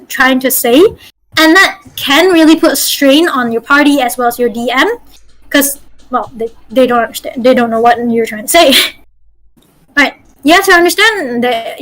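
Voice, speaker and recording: Woman from Malaysia, high voice, chatty coaching host of an online workshop. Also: fairly bright tone, rough recording. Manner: chatty, coaching, gives corrections with quick fillers. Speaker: workshop host and dungeon master. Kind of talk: teaching an online voice-acting workshop.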